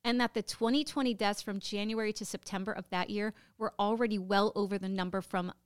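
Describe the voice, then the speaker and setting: An American woman in her thirties, co-hosting a podcast and telling a story in a casual, emotional way, with halting speech and lots of fillers. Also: medium pitch, steady tone, clear, resonant tone, no room sound, clean studio sound. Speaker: podcast co-host.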